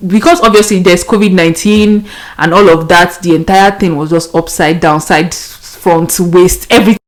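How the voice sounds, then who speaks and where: A woman's voice: on the low side, steady tone, moderate pace. A young Nigerian woman hosting a podcast, telling a story casually and animatedly, laughing often and mixing in pidgin. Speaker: podcast host.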